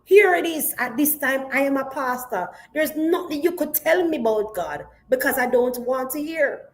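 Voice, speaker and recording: A woman's voice: high voice, expressive, moderate pace, low-quality recording. A woman pastor sharing a personal testimony in an interview, telling it vividly and with emotion and acting out the dialogue.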